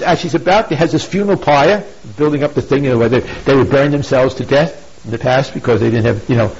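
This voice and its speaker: Male speaker telling a story with a moral, husky and slightly high voice, lots of "you see?" asides, lo-fi dull audio. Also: a little mellow. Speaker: pro-life speaker. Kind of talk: informal moral talk, retelling a classic story. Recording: dull lo-fi recording.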